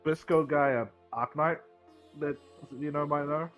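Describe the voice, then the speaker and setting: A man's voice: a little high, fairly even intonation, a little slow, fairly bright tone, faint music behind. A man playing a tabletop game, explaining his moves with frequent stammers. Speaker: player. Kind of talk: casual chat in a tabletop game.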